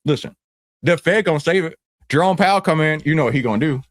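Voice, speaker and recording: A man's voice: on the high side, fast, no echo, clean studio sound, lightly acted. A man playing a brash, boastful stock-hype guru who talks in swaggering slang and rambles. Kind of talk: comedic character skit.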